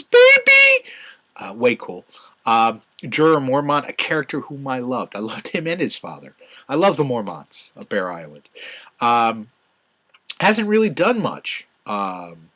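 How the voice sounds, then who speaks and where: A middle-aged man with a somewhat low voice chats on his own about a show he loves. He rambles, stumbles over his words and fills gaps with ums, then breaks into loud, eager bursts of praise. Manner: enthusiastic, rambling, many fillers and restarts, sudden loud excited outbursts. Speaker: podcast host reviewing a TV show. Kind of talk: casual solo commentary.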